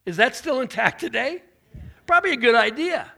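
A man's voice: extremely high pitch, big pitch swings, fairly quick, vocal fry, pushed and bright. A man preaching a sermon as pastor, in an informal way with restarts and folksy asides. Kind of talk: conversational sermon.

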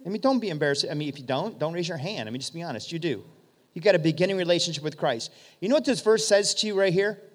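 A man's voice: fairly high pitch, lively intonation, fast talker. A man preaching a sermon, retelling stories vividly and speaking directly to his congregation. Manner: vivid storytelling, addresses the congregation. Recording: long hall reverb.

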